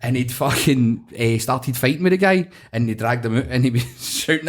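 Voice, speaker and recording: A man's voice: medium pitch, expressive, normal speed, hardly any pauses. A middle-aged Scottish man hosting a podcast, telling sweary, laughing stories in casual chat. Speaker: podcast host.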